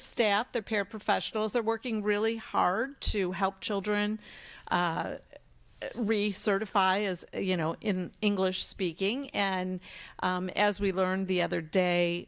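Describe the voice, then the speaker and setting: A woman's voice: on the low side, fairly bright tone. An older woman giving an enthusiastic, chatty trustee report at a school board meeting.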